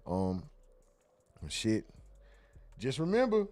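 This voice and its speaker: A man's voice: medium pitch, moderate pace, a little mellow, dry recording. A man hosting a livestream in a loose, profane, slangy way, thanking viewers and reading out their donations. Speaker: livestream host.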